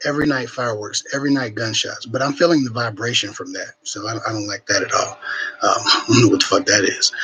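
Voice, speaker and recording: A man hosting a live Q&A, giving frank dating advice in casual chat, swearing freely and filling pauses with ums, sniffling a bit, streaming from home. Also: mid-range voice, pushed and bright, slightly rough, low-quality recording. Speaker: relationship advice livestream host.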